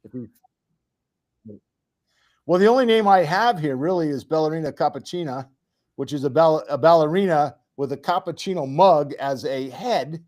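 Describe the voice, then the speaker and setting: A man hosting a casual podcast who rambles along, restarting sentences and padding them with fillers. His delivery is relaxed and unscripted. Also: on the high side, moderate pace. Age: parent of children. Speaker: podcast host. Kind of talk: casual chat.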